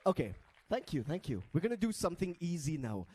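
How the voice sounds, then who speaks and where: A man's voice: on the high side, very animated, brisk, darkish tone, slight background noise. Playful man hosting a live crowd. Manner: playful, teasing, coaxing the crowd. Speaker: event host. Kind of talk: lively stage hosting with audience games. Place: live event stage before an audience. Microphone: handheld stage mic.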